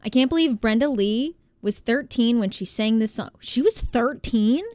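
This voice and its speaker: Bubbly American woman streamer, slightly high, smooth and close on the mic. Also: animated, moderate pace, darkish tone, no echo. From United States. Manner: bubbly, chatty, greets viewers by name. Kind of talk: casual live-stream chat.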